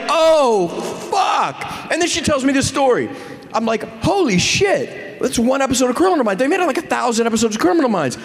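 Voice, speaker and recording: A man on a convention panel, telling a profane, animated story with many restarts. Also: very high voice, fairly quick, faint music behind. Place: large convention hall. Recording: reverberant hall.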